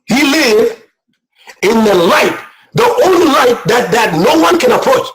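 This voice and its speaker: Brief: male guest preacher, high-pitched, fervent and emotional, sermon delivery. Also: sing-song, measured pace, rough recording. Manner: impassioned, repetitive, rising to shouts. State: emotional, near tears.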